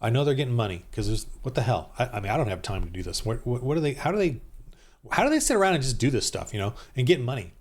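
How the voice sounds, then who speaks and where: A man in the middle of an angry rant on his own video channel, sitting at a mid pitch for a man. He keeps tripping over restarts and repeated words. His tone lurches from raised, indignant outbursts to low muttered asides. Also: big pitch swings, quick pace, a little mellow. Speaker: YouTube channel host.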